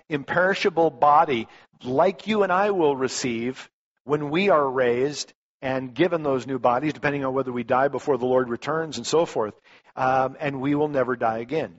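A male pastor preaching a sermon in a conversational way, telling stories with lots of restarts. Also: mid-range voice. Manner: conversational, animated storytelling, frequent restarts. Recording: dull lo-fi recording.

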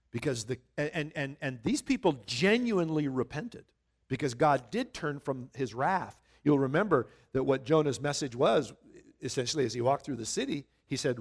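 A man preaching a sermon, reading scripture slowly and loudly, then explaining it in a conversational way. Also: fairly high pitch. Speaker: pastor.

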